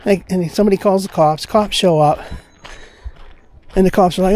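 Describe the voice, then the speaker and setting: A man's voice: high voice, moderate pace, long pauses, a little mellow. A man from Pennsylvania talking casually and ramblingly during an outdoor walking vlog, sharing his opinions. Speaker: vlogger.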